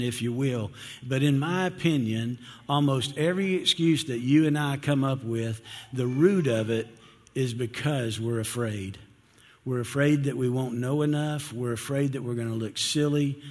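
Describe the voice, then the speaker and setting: A male pastor preaching a sermon in a relaxed, conversational way, often restarting his phrases. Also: medium pitch, big-room sound.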